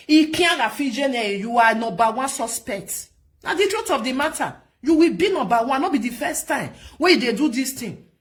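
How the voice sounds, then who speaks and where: High-pitched and animated, a Nigerian woman hosting a vlog scolds in Nigerian Pidgin-accented commentary. Her rant is casual but repetitive, hammering points home.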